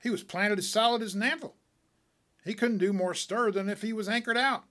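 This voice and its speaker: A man reading a short story aloud as a folksy, animated tall-tale teller. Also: sits high, brisk.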